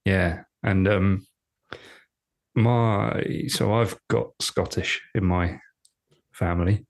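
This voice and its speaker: Brief: low gravelly male co-host, rambling and jokey. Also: fairly even intonation. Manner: rambling, repeats himself, quick to joke. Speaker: podcast co-host. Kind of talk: casual chat.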